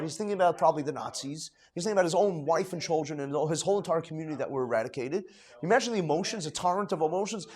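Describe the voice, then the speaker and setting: A middle-aged man, a rabbi giving an informal Torah lecture, rambling with many restarts, dropping Hebrew and Yiddish terms into English, swinging between hushed and emphatic. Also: on the high side. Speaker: rabbi teaching a class.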